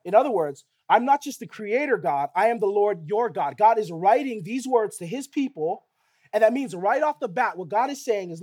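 A man's voice: high voice, animated, moderate pace, a little mellow. A middle-aged male pastor preaching a sermon in a conversational way, often asking rhetorical questions of the listeners.

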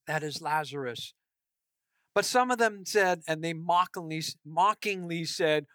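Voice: medium pitch, lively intonation, unhurried, sharp tone, dry recording. A pastor delivering an earnest, emphatic sermon.

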